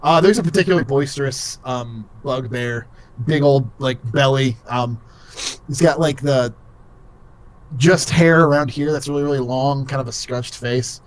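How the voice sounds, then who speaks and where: A man's voice: medium pitch, normal speed. Casual young man running a tabletop game. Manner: casual, rambling, full of fillers. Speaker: game master.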